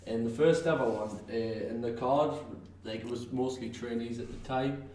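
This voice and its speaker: A man's voice: mid-range voice, steady tone, normal speed, darkish tone. A male wrestler with a North East English accent, chatting casually on a podcast, rambling with lots of fillers and restarts and laughing often. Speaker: professional wrestler, guest. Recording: echoey, distant mic with faint noise.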